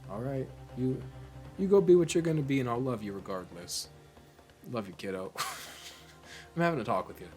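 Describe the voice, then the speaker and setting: A man's voice: medium pitch, moderate pace, pauses often, faint music behind. A man hosting a let's play, giving goofy, rambling commentary as he plays a game. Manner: animated, goofy, rambling asides. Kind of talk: casual gaming commentary.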